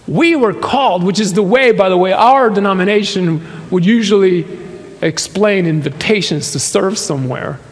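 A man's voice: high-pitched, normal speed. A man in his fifties preaching a sermon in a church hall, telling a personal story with laughs and quoted voices. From Nicaragua and the US. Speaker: pastor.

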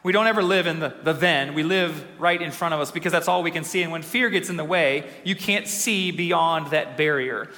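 A young man preaching a sermon as pastor, energetic and emphatic, with dramatic slow pauses. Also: fairly high pitch. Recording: long hall reverb.

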